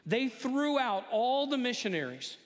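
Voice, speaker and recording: A high-pitched man preaches to his congregation, chatty and lively, acting out the voices in the story. His voice rings with the long reverb of a church hall. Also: measured pace. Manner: conversational preaching, acts out quotes. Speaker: pastor. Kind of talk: sermon. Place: church sanctuary.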